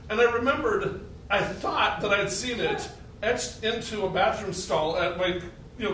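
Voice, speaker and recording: High, bright man telling a story. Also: a little hiss or hum. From Arkansas, USA. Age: 40s. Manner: animated, laughing at his own story. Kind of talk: live personal storytelling. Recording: echoey hall, mic at a distance.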